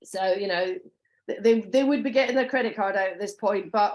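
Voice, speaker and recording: A woman's voice: medium pitch, fairly quick, darkish tone. A woman giving an informal sales training talk, chatty, with many restarts and ums and acted-out customer lines.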